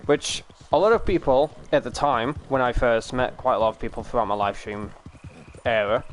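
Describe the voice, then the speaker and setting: A man's voice: medium pitch, moderate pace, slight background noise, poor audio. A British man from the UK chatting casually on a live stream, rambling, swearing and laughing easily.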